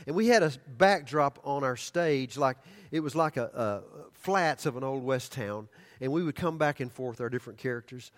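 An older man preaching a sermon, telling stories animatedly and then dropping to hushed, earnest tones. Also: mid-range voice, animated, moderate pace. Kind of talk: sermon storytelling.

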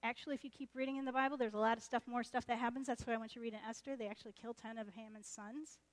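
A woman preaching a sermon as lively, chatty storytelling, acting out the characters' voices. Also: on the high side, very fast. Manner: animated, chatty, acts out voices.

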